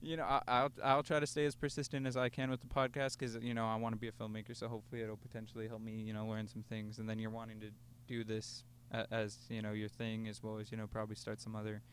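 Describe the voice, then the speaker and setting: A man's voice: lowish voice, completely flat delivery, fast, hardly any pauses, a little hiss or hum. A young man co-hosting a casual podcast on a rooftop, telling stories in a laid-back way with swearing and laughter. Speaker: podcast co-host. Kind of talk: casual storytelling chat. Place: outdoors on a rooftop.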